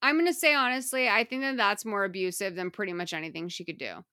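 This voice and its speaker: A woman podcast host casually recapping a film, retelling scenes in an animated way and acting out the characters' lines, with lots of "like" fillers. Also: medium pitch, fast talker, clear, resonant tone, no echo, studio quality.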